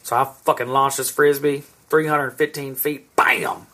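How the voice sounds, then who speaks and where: A man's voice: medium pitch, fairly even intonation, moderate pace, sharp tone. A man in his thirties, a podcast co-host, telling long rambling stories in casual chat and swearing freely. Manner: rambling storyteller, swears a lot.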